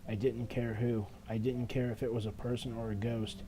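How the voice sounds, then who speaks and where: A man's voice: medium pitch, level tone, moderate pace, background noise, lightly acted. A man reading as a frightened trapped schoolgirl. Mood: desperate. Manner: earnest, desperate first-person narration. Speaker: let's player. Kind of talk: reading game text aloud.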